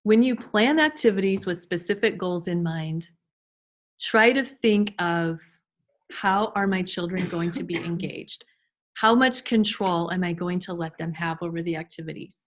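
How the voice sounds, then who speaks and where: A woman's voice: fairly low pitch, measured pace. A woman giving an informal online class to teachers over a video call, chatty with frequent restarts and fillers. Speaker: early childhood trainer.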